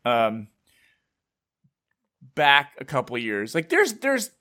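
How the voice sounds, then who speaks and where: A man's voice: medium pitch, huge pitch swings, takes it slowly, bright, forceful tone. A young man, a co-host rambling casually over a video call and swearing offhandedly. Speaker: podcast co-host. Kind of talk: casual chat.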